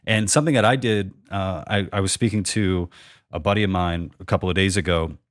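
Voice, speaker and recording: Podcast host, male, 30s: self-deprecating rambler, lower voice, dry close mic. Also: steady tone, fairly quick, dry recording. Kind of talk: casual comedic conversation.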